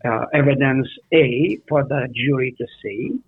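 Bible teacher, man, raspy and gravelly, slow and questioning, lo-fi phone-line sound. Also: medium pitch, no room sound. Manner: animated, asks the listeners questions. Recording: tinny phone-like radio audio.

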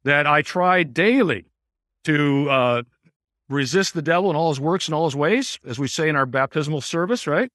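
A man teaching a Bible class in a room with a small group, explaining in a conversational way and often pausing to put questions to the class. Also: fairly high pitch, lively intonation, a bit bright, dry recording, clean studio sound. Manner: explanatory, asks the class questions, many uh fillers.

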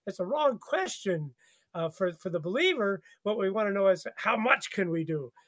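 A man hosting a conversational radio Bible study, animated, laughing often and repeating words as he thinks. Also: sits high, moderate pace.

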